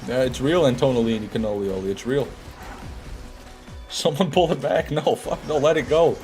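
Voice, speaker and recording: A man's voice: medium pitch, normal speed, darkish tone, faint music behind. Joking man streaming a game. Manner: joking, sarcastic banter with chat. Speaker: streamer reading chat. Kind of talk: casual live-stream commentary.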